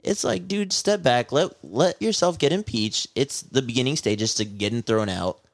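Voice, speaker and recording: A man's voice: medium pitch, moderate pace, gravelly, no echo, clean studio sound. A man co-hosting a podcast, talking in blunt, crude and mocking casual banter. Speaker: podcast co-host.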